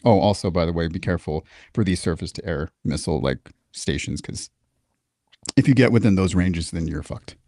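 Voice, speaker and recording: Low-voiced, profane man telling war stories. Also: a little fast, no echo, clean studio sound. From Texas. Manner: profane, candid, animated storyteller with frequent restarts. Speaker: podcast guest, military veteran. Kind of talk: casual storytelling interview.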